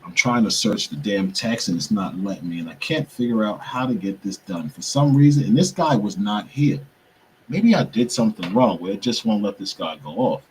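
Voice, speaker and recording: A man's voice: lowish voice, expressive, moderate pace, darkish tone, slight background noise, poor audio. A young man hosting a show, talking casually to viewers while he struggles with his computer, muttering and swearing to himself in frustration. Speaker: podcast host.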